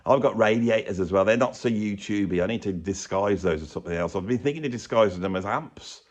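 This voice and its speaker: A man's voice: lowish voice, fast. A man ranting sarcastically in a rambling vlog, filmed in a room with bare brick walls. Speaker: YouTuber and drummer.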